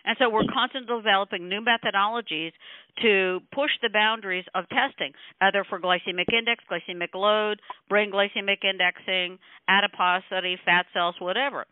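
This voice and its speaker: A woman scientist telling the story behind her invention on a call, animated and laughing often, acting out quotes from other people. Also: medium pitch, moderate pace, dry recording. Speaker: scientist guest. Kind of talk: phone call interview. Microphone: telephone. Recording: tinny phone line.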